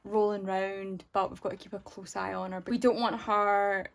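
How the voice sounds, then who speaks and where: A woman's voice: medium pitch, flat delivery, moderate pace, gravelly, few pauses. A young woman chatting casually in a vlog, rambling along with frequent restarts. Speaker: vlogger.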